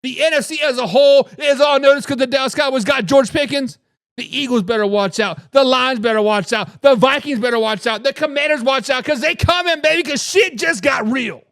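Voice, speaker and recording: A man with a strikingly high, bright voice hosts a fan sports show, pumped up and riffing on his team. He calls out repeated catchphrases and fires back at viewer comments, a beer in hand, all captured with a close, dry sound. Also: brisk, dry recording. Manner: hype, repeats catchphrases, says "baby"; reads and answers viewer comments. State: drinking beer. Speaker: sports talk host. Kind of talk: hyped live sports talk.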